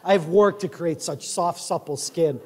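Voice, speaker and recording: Male pastor, animated high-voiced sermon delivery, booming church-hall echo. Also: a little slow, slight background noise. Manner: animated, swings from quiet asides to loud declarations. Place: large church sanctuary.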